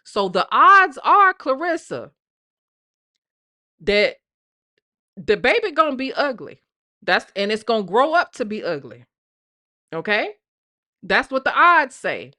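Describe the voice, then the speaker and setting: A woman hosting a live stream with a bright, forceful voice. She talks in a casual, blunt gossip style, swears freely and keeps asking her viewers "okay?" and "right?". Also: on the high side, big pitch swings, takes it slowly, pauses often. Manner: blunt, profane, repeats "okay?". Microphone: live stream mic.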